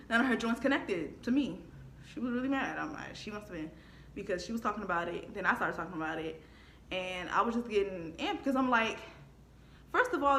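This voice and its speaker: A young adult woman telling a casual storytime in an animated way, laughing often and acting out the quotes. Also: a little high. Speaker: vlogger. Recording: echoey room.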